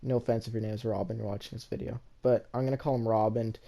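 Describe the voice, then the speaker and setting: A man casually telling a story from his school days, rambling, with many restarts, often in a soft, low-key voice. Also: fairly even intonation, quick pace, gravelly.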